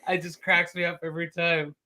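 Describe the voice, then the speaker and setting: A man co-hosting a podcast in casual chat, animated and laughing often, slipping into quoted voices. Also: on the high side, fairly quick. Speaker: podcast co-host.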